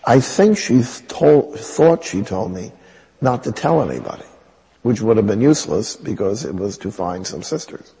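A priest with a raspy voice, telling a personal story in a sermon in a wry, conversational way. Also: male voice, fairly low pitch, big pitch swings, normal speed, dark tone, long reverb tail, poor audio.

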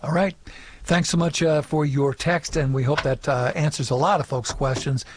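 A man's voice: fairly high pitch, steady tone, moderate pace, slight background noise. A man hosting a call-in radio talk show, reading emails and announcing in a friendly, easygoing way.

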